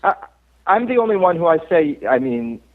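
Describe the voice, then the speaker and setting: A man's voice: fairly high pitch, sing-song, moderate pace. A man from the United States, an actor being interviewed, telling rambling anecdotes with frequent chuckles. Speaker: actor guest. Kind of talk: casual interview chat. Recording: tinny phone line.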